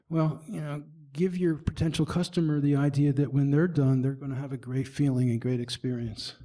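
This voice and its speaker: A fairly high-voiced man giving a presentation to a small business audience. His delivery is animated: he acts out the expressions he describes and trips over his words, backing up to restart. The overall feel is loose and unscripted. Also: a little fast. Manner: animated, demonstrates expressions as he speaks; frequent restarts and stumbles. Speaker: presenter at a marketing meetup. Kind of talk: presentation talk.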